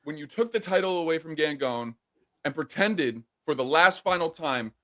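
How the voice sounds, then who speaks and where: A man's voice: fairly high pitch, lively intonation, normal speed, crowd noise. A man, a professional wrestler, trading in-character trash talk in a taunting, profane, lecturing way.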